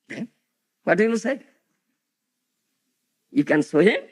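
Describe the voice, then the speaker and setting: A man's voice: high voice, expressive, measured pace, slightly rough. A man giving a devotional lecture as a spiritual teacher, peppering it with rhetorical questions like "huh?" and "isn't it?" to his audience.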